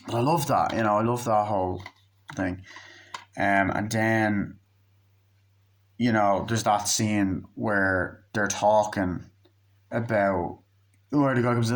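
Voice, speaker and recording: A man's voice: lowish voice, steady tone, a little slow. A man giving a casual, rambling film review, swearing freely and losing his train of thought. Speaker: movie reviewer.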